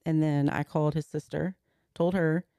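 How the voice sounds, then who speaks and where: A woman in her forties tells a personal story in a podcast conversation, walking through events one step at a time. Her voice is warm and darker in tone, with a gravelly edge. The sound is close and dry, with no room around it. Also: low voice, fairly even intonation, normal speed, no echo. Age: 40s. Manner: earnest, recounting events step by step and voicing others' words. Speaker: podcast guest.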